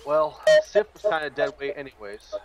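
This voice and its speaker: A man's voice: on the high side, big pitch swings, moderate pace, dull audio. A man playing a tabletop game, joking dryly in and out of character. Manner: dry, joking banter. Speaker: player.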